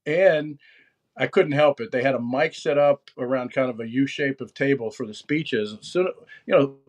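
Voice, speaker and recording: A man's voice: medium pitch, normal speed, darkish tone. A middle-aged American man, a podcast guest, talking casually and rambling with many restarts and fillers. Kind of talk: casual chat.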